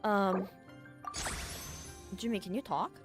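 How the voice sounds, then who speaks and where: A woman game streamer rambles casually as she plays, thinking aloud and swearing often. Her mid-range voice moves at a slow pace, picked up on a streamer mic with loud game music.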